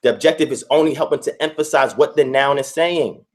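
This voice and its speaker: A man gives an online scripture lesson over a video call. His voice sits in a middle pitch, and he talks in a methodical way. He comes back to key ideas again and again to stress them. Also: brisk. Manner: methodical, repeats key points for emphasis. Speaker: guest teacher.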